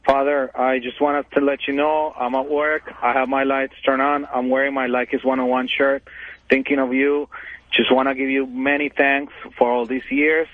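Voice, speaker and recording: A male caller heard over a tinny phone line, his pitch staying fairly flat. He speaks in a heartfelt, halting way, stumbling over some of his words. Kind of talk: call-in phone call.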